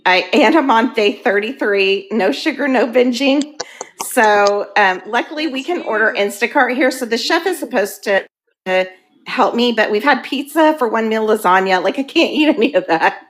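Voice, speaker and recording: A woman in her fifties candidly sharing her recovery story, earnest and halting, weepy and emotional. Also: a little high, expressive, fairly bright tone, slight background noise. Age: 50s. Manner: earnest, halting, with frequent ums.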